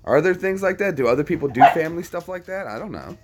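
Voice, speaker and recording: A man's voice: fairly high pitch, animated, fast talker, slight background noise. A man hosting a casual chat, talking to his viewers in a rambling way full of anecdotes and repetitions. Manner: rambling, anecdotal, repeats himself.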